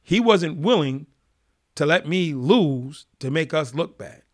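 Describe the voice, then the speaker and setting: A man's voice: a little high, animated, slow pace. A man guest in a casual interview, telling vivid stories and acting out quotes. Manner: vivid storyteller, acts out quotes. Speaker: guest, former prisoner.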